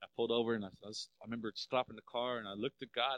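A middle-aged man preaching a sermon as pastor, emphatic, swelling louder on key phrases and dropping low for personal stories. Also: steady tone, very fast, hardly any pauses, no room sound.

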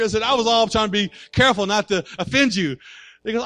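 A man preaching a sermon as pastor, telling stories with humor and shifting between loud, excited passages and quieter explanation. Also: high voice, fast talker, faint music behind. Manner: storytelling preacher, animated and humorous.

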